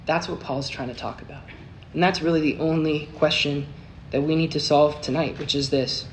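A man preaching a sermon, telling a story with big swings between hushed and emphatic delivery. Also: a little high, fairly even intonation, normal speed. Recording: noisy recording with clicks.

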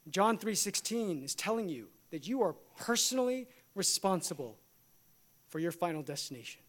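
A man's voice: sits high, a bit bright. A male pastor preaching a sermon in a church, emphatic and rhythmic, rising and dropping his voice for weight.

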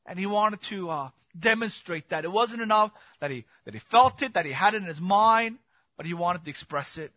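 A man preaching an expository sermon as pastor, swinging from loud emphatic bursts to quiet intimate asides. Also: sits high, lively intonation, fairly quick, no room sound, dull audio.

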